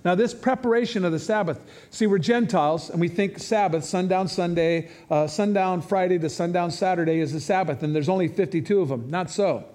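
A man preaching a sermon as pastor, in a conversational, animated way, acting out quotes. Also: sits high, brisk, few pauses.

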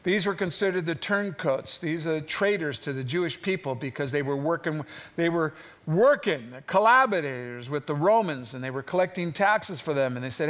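Male Bible teacher, conversational sermon delivery, lightly raised pitch, animated when quoting. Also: normal speed, few pauses. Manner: conversational, rising to animated voices for quoted figures.

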